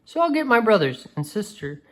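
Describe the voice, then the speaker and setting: A woman's voice: medium pitch, brisk, pitched above the performer's own voice. Woman voicing a brave young girl, determined, slightly raised, storybook reading. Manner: determined, excited.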